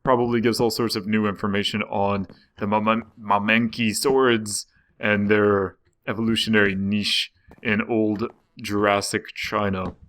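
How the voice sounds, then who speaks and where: A man's voice: fairly low pitch, flat delivery, measured pace, fairly bright tone. A young man casually commenting while playing a game, chatty and rambling, often breaking off mid-sentence. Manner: chatty, rambling, self-interrupting. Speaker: gaming video host.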